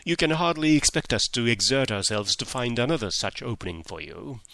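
A man reading the part of a sharp, curt woman agency manageress in an audiobook. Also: mid-range voice, expressive, brisk, gravelly, dry recording.

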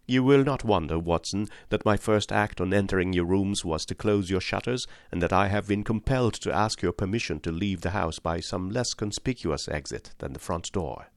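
A man with a very low voice reads a classic detective story aloud in a measured, even way. The sound is dry and close, with no room around it. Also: no echo. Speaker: audiobook narrator.

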